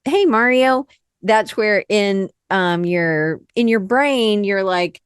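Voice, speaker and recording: A Southern American woman hosting a podcast, talking casually in a rambling, lively way that often stops and restarts. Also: mid-range voice, slow, clean tone, no echo, studio quality. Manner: rambling, lively, self-interrupting. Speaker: podcast host. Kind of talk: casual conversation.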